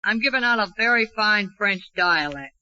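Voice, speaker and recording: A man's voice: high-pitched, animated, normal speed, bright, forceful tone, clean tone, no echo. A man playing the comic sidekick in a 1940s radio comedy, cutting in with sassy, heckling one-liners. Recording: dry, muffled old radio transcription.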